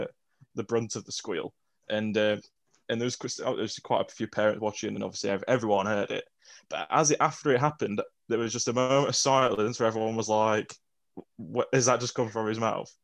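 A man's voice: on the low side, fairly even intonation, brisk, gravelly, dry recording. A man co-hosting a podcast, telling a story in a casual, hesitant, self-deprecating way with many fillers. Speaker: podcast co-host.

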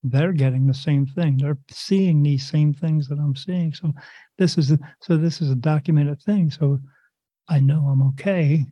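A man's voice: on the high side, unhurried, no room sound, highs cut off. A man as an interview guest, telling a long personal story in a loose, rambling way, acting out what others said and adding sound effects. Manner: animated, rambling retelling with quoted dialogue and sound effects. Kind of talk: casual storytelling.

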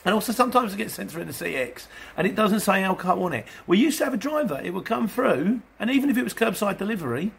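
A man talks in a loose, rambling vlog style, playing out his dealings with customers. His voice sits a little high for a man. There is a faint hum of surroundings behind him. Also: expressive, fast, gravelly, few pauses. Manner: chatty, rambling, acts out exchanges. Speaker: van delivery driver. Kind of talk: casual vlog answering viewers.

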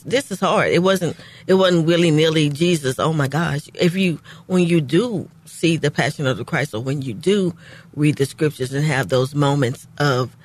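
A woman hosting a faith-based radio talk show from a recording studio, speaking earnestly and affirming warmly. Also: sits low. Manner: earnest and heartfelt, quick to affirm. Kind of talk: faith-based casual chat.

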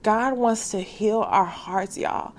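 A woman's voice: mid-range voice, slow, slight background noise. Young woman, faith podcast host, earnest and casual direct address. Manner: earnest, heartfelt, calls listeners sis; casual slangy speech.

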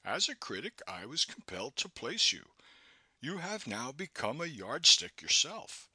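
Guy doing a stiff academic critic, crisp tense voice, no room sound. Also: mid-range voice, sing-song, measured pace, sharp tone, dry recording, pitched above the performer's own voice, full character voice. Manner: formal, academic. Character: bookish male literary critic, formal and proud.

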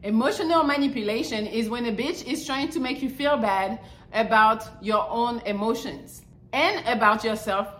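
A podcast host dishes out blunt, crude relationship advice, mocking the people she talks about and slipping animatedly into scornful quoted voices. Her voice sits on the high side, and the room is echoey.

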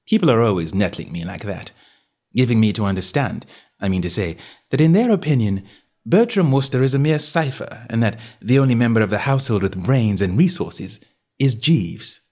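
A man reading a comic novel aloud in the first person. His delivery is jaunty and wry, and he swings his pitch widely. The voice has a husky edge. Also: expressive, normal speed, darkish tone. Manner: jaunty, wry storytelling with varied character voices. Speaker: audiobook narrator.

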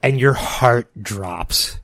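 Man co-host for a casual chat show; emotional, rambling delivery, mid pitch, dry booth sound. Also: very slow, fairly bright tone, no room sound. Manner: emotional, rambling with many restarts. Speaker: podcast co-host.

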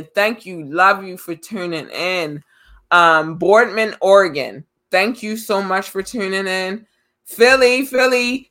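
A podcast host giving casual, effusive shout-outs to listeners, with a grateful, slangy way of talking. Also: medium pitch.

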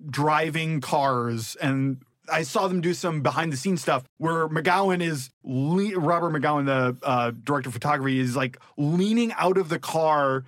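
A man's voice: on the high side, normal speed, few pauses, a bit bright, dry recording, studio quality. A man in casual podcast banter as a guest musician, laughing easily and joking about himself. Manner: laughing, self-deprecating banter. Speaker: composer guest.

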